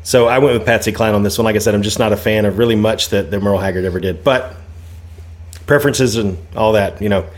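A man co-hosting a casual talk show, easygoing and quick to laugh. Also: lowish voice. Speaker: co-host. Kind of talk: casual chat.

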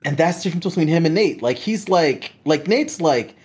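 Animated speaker, lively voice. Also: medium pitch, a crowd in the background. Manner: animated, fan-like, quick rambling asides. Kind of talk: casual chat, movie review.

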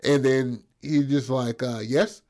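A man's voice: mid-range voice, a little slow. Profane rambling storyteller man. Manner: rambling, profane, peppered with "bro" and "right?". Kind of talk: crude improvised comic storytelling.

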